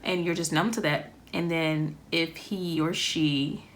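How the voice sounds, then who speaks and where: Thinking aloud with frequent ums and pauses, a woman gives a rambling tarot reading in a steady, fairly low voice. A faint hiss runs under the audio throughout.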